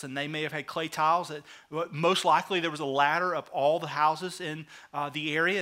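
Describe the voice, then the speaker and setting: A male pastor preaching a sermon, retelling the story with lively acted-out asides. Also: a little high. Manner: animated storytelling, acting out the characters in quick asides.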